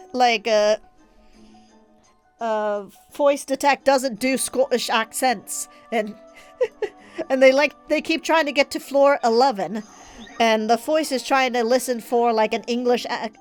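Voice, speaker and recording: A woman's voice: on the high side, steady tone, unhurried, pauses often, faint music behind. A woman streaming a game, chatting casually with a stuffy nose, giggling and rambling through stories. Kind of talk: casual live-stream chat.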